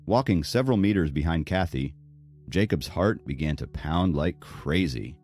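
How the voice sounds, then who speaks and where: Deep, expressive male audiobook narrator. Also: normal speed, no echo, clean studio sound. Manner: expressive storytelling. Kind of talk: scripted narration.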